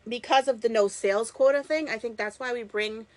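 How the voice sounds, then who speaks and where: A woman's voice: fairly high pitch, a little fast. A woman from Massachusetts with a Boston accent, chatting enthusiastically with viewers while she demonstrates a craft live. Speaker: crafter hosting a live stream. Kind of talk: live craft demo chat.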